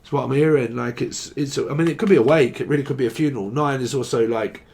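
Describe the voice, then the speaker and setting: A man from England giving a loose, casual tarot reading. His voice sits at an ordinary middle pitch. He wanders from idea to idea and swears freely as he goes. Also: fast, creaky, a little mellow. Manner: rambling, swearing, free-associating. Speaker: tarot reader.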